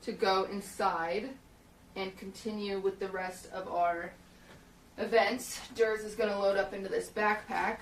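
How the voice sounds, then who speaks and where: A young woman streamer with a mid-range, fairly even voice rambles through a story at a slightly slow pace, dropping in plenty of fillers. She's in a small, hot shed used as a podcast studio, and the distant mic makes the sound roomy, with slight background noise.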